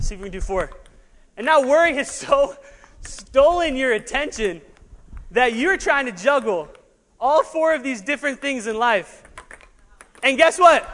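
A man preaching an animated sermon as a pastor, laughing at himself and sometimes short of breath. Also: very high-pitched. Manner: animated, laughing asides, juggling while preaching. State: out of breath at times. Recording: long hall reverb.

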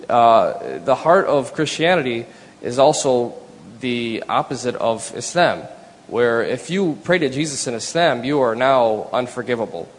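A man telling a personal story in church, earnest and halting, often repeating his words. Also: mid-range voice. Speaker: speaker sharing a conversion story. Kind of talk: personal testimony. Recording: long hall reverb.

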